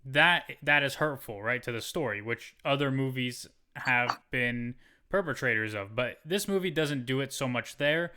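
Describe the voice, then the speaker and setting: Amid a noisy background, a man with a medium-pitched voice at a moderate pace co-hosts a podcast. In this casual movie review chat, he gives an animated, profanity-laced retelling of the plot.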